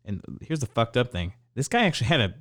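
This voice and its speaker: A man's voice: medium pitch, fast talker. A young adult man co-hosting a podcast, telling a store story in casual chat and mimicking customers with a raised voice. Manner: animated, mimics customers in raised voice, swears freely. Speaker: podcast co-host.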